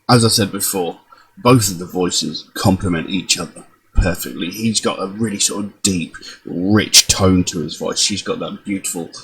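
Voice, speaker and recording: A man's voice: low voice, fairly bright tone, husky, rough recording. A man hosting a music reaction video, giving admiring, loosely paced commentary with frequent ums. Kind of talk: casual commentary.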